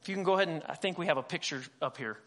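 Male pastor, lively conversational sermon, bright voice, acts out dialogue. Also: fairly high pitch, rapid-fire. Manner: humorous asides.

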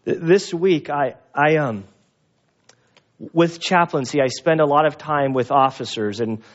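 A man preaching a conversational sermon, telling a story and acting out the voices in it. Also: a little slow. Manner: animated storyteller, acts out dialogue with a raised pitch. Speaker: pastor and police chaplain. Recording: dull lo-fi recording.

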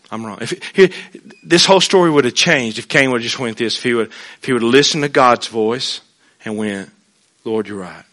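A man preaches in church, his voice high and bright. He drops to near-hushed asides, then climbs into loud, animated stretches. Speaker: pastor. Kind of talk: sermon.

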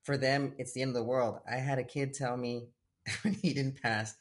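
A man who coaches tennis, chatting casually about faith and telling lively stories with acted-out voices. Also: mid-range voice, moderate pace. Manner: animated storytelling, acts out voices of kids and God. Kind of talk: casual faith-based conversation.

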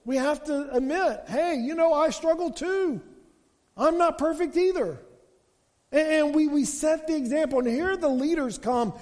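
A man with a strikingly high voice delivers a sermon, leaning on repeated starts like "and, and" as he builds each point. His words trail off into a long reverb that fills a big hall. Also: darkish tone. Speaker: pastor.

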